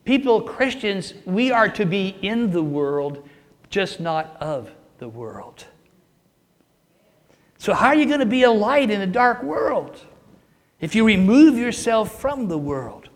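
A man's voice: sing-song, slow. A man preaching a sermon with emphatic delivery, building up and dropping his voice for emphasis. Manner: emphatic, rising and falling for emphasis, acts out a joke with raised pitch.

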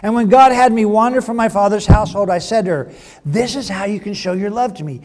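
Earnest ancient patriarch justifying himself, read by a man, raised pitch, reverberant. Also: quick pace, a little mellow, lightly acted. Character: patriarch explaining his deception.

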